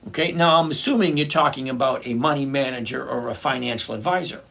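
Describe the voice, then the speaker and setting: A man's voice: mid-range voice, fast, vocal fry, fairly bright tone. A middle-aged man hosting a casual live stock-trading stream, greeting viewers by name and answering their questions. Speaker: livestream host reading chat.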